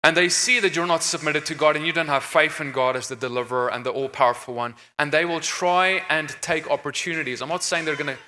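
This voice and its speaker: A man talks on a conference stage in an earnest, emphatic preaching tone, restarting his phrases as he goes. His voice is bright and set a little high. It rings out with a long reverb from a large hall. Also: steady tone, quick pace, few pauses. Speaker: conference speaker on deliverance ministry. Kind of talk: stage discussion.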